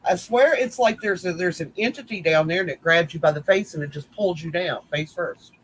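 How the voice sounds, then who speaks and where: A man's voice: high-pitched, a little fast, slight background noise, poor audio. A man telling rambling, teasing stories in a casual group chat. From West Virginia. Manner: rambling storyteller, folksy, teasing. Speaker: crochet group admin.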